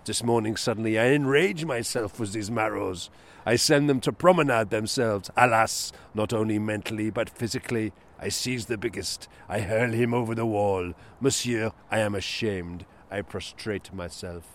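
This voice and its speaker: A man's voice: on the low side, normal speed, hardly any pauses, slight background noise, natural voice. A man putting on a florid Belgian detective. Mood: effusively apologetic. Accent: put-on French-style accent. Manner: theatrically apologetic, flowery. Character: fussy elderly Belgian male detective, florid. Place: small park outdoors.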